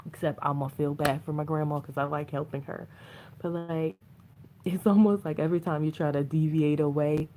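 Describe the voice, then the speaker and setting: A woman's voice: low-pitched, darkish tone, a little hiss or hum. A woman vlogger chatting to viewers over her phone, telling stories and laughing often. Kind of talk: casual chat to viewers on a phone stream.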